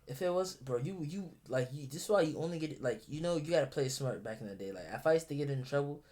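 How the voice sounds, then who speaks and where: A man's voice: on the high side, expressive, fast talker, a little mellow. A young man talking casually and bluntly as a streamer reacting to a video, profane and rambling, full of restarts.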